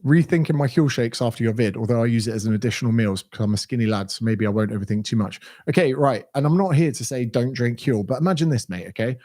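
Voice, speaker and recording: Blunt sweary English fitness coach. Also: male voice, medium pitch, quick pace, hardly any pauses, a little mellow. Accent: southern English. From England. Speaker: fitness coach answering viewer questions. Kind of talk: casual Q&A livestream.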